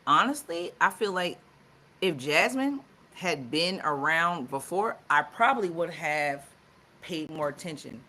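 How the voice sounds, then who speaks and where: A woman's voice: deep voice, animated, unhurried, sharp tone. A woman co-hosting a live talk show, chatting casually with lots of fillers and restarts. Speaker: co-host.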